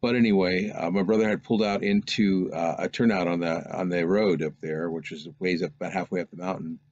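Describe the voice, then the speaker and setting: A man's voice: low-pitched, fairly even intonation, a little fast, darkish tone, no echo. A man telling a personal anecdote in a casual, rambling, meandering way. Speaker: storyteller recounting a personal experience. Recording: dull lo-fi recording.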